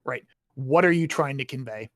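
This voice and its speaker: A man's voice: mid-range voice, normal speed, fairly bright tone, dry recording. A man in a casual chat about writing, explaining his points and often checking in with tag questions.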